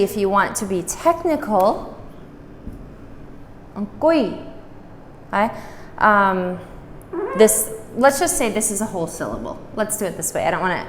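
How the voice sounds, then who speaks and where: A woman teaching a language lesson, patiently saying words slowly and repeating them for practice. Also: mid-range voice, a little hiss or hum. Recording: roomy echo, distant mic.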